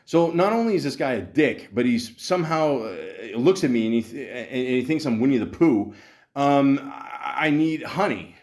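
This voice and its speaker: A man's voice: medium pitch, lively intonation, normal speed, darkish tone. A man telling a story on his podcast in a casual, profane rant, full of stammered restarts and acted-out dialogue. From Canada. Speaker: podcast host.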